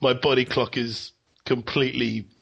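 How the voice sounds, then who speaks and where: A man's voice: mid-range voice, little pitch movement, moderate pace, vocal fry, fairly bright tone, husky. A man who is tired from working night shifts, chatting in a laid-back, friendly way as a podcast guest. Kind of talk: casual podcast chat. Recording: dull lo-fi line.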